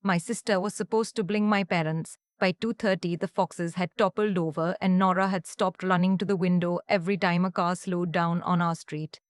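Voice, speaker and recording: A woman from Canada narrating a personal story in a calm, measured, understated way. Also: lowish voice, dry recording. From Canada (Ontario). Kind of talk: scripted first-person storytelling.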